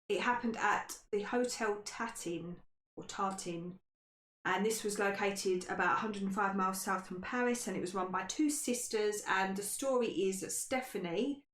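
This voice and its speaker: A woman's voice: medium pitch, fairly bright tone. A woman hosting a history quiz podcast, reading out stories and tripping over tricky words. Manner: stumbles on hard words. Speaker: quiz host. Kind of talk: casual podcast chat, reading quiz questions. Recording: echoey room, faint noise.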